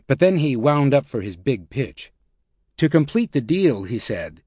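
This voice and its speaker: A male audiobook narrator reading nonfiction in a measured, even voice. His pitch is ordinary for a man, and the recording is close and dry, with no room sound. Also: no echo.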